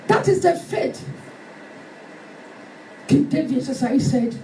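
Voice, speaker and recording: A woman preacher delivering a fervent sermon, shouting and acting out stories. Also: high-pitched, expressive, slow pace, pauses often, a little hiss or hum. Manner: fervent, shouting, dramatic retelling. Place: church hall. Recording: echoey hall from far off with music.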